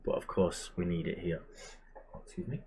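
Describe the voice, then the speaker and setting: Chatty man, low voice. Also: moderate pace, dark tone, slight background noise. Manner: chatty, muttering asides, self-deprecating. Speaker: gamer and channel host. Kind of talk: casual gameplay commentary.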